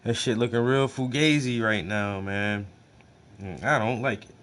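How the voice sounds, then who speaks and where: A man's voice: fairly low pitch, a little slow, fairly bright tone. A man hosting a livestream, reacting to a speech in loose, slangy, profane talk that often repeats itself. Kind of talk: casual livestream commentary.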